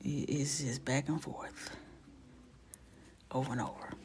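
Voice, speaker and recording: A woman chatting casually on a live stream as she colors, greeting viewers by name, often dropping to a soft near-whisper. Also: very deep voice, steady tone, unhurried, a little hiss or hum.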